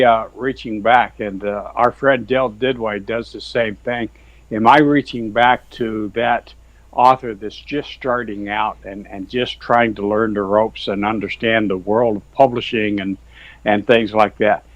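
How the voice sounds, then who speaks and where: A man who is a Christian author joins a video call as a guest and tells his faith story, earnest but folksy and rambling, leaning heavily on "you know" and "sir." His lowish voice is unhurried with fairly even intonation, recorded lo-fi with no echo.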